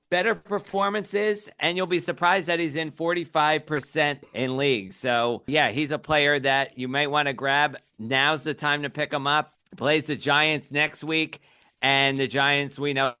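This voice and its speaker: A man's voice: on the high side, sharp tone, clean tone. A man co-hosting a fantasy football show, talking in a casual, joking and confident way. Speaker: fantasy football podcast co-host. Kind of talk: casual sports chat.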